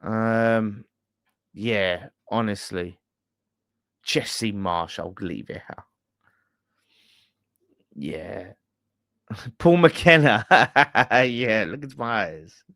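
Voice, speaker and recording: A man's voice: lowish voice, expressive, drawn-out words, long pauses, pushed and bright, dry recording, studio quality. A man, presenting a fan channel, ranting bluntly and swearing in casual chat. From England.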